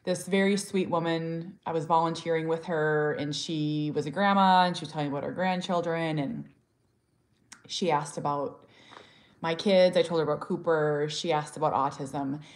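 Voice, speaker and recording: Speaking directly to camera in a candid personal vlog, a woman shares her story as a mother in a voice slightly low for a woman. Her intonation stays fairly even and her pace moderate. She is earnest and heartfelt, restarting often, and talks openly and plainly, sometimes bluntly.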